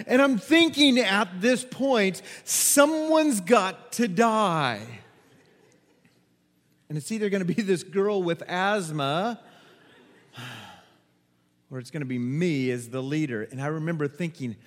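A man preaching a sermon as a pastor, telling a personal story with animated delivery, acting out quotes and laughing at himself. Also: high voice, measured pace, in a large hall.

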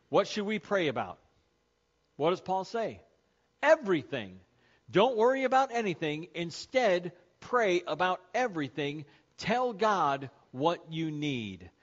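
A pastor with a notably high voice delivers a sermon emphatically, repeating key phrases and slowing right down on the words he wants to land. The audio is dull and muffled, typical lo-fi sermon sound.

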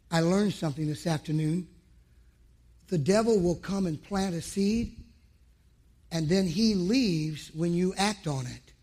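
Husky preacher telling a story. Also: male voice, high voice, a little mellow. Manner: emphatic, acts out his own past dialogue. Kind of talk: sermon with storytelling.

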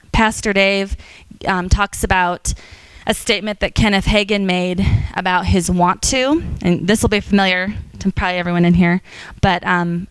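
Woman teaching a church class, smooth voice. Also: mid-range voice, dry recording. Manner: storytelling, animated quotes, frequent fillers.

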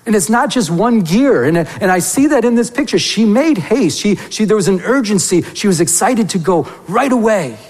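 A man preaching in a church, his voice sitting high for a man and carrying a long reverb off the walls. He tells stories with lively energy and keeps turning to the congregation with "remember?" questions. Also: moderate pace, hardly any pauses. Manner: animated storytelling with repeated rhetorical questions to the congregation. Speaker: pastor. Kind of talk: sermon.

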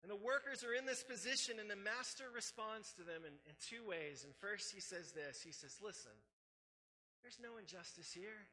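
A man's voice: sits high, moderate pace, few pauses, pushed and bright, in a large hall, rough recording. A man preaching a sermon as pastor, emphatic and repetitive, mixing scripture reading with casual conversational asides.

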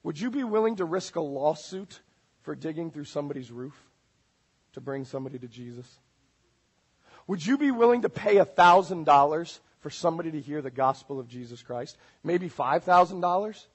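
A man preaching a sermon as pastor, swinging between loud urgent calls and hushed, intense passages. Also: fairly high pitch, breathy edge, low-quality recording. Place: church.

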